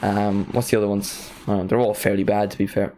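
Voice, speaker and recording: A young man casually commentating a live football watchalong, chatting and bursting into excited reactions. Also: on the low side, fairly quick, slight background noise. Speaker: streamer hosting a match watchalong.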